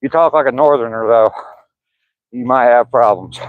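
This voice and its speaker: A man's voice: mid-range voice, moderate pace, dry recording, phone-quality sound. An older man with a Southern accent, chatting casually with his livestream viewers as he walks outdoors past pine woods, rambling and chuckling as he reads the chat. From Southern US, Georgia. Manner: easygoing, rambling, chuckling, reading chat aloud. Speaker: vlogger livestreaming a walk. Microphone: phone camera held while walking.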